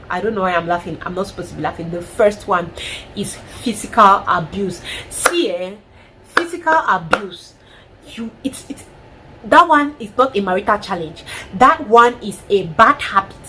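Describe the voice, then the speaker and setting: A Cameroonian woman vlogger giving frank, animated advice with a Cameroonian accent in a casual monologue. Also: mid-range voice, normal speed, a little hiss or hum, rough recording. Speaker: lifestyle vlogger.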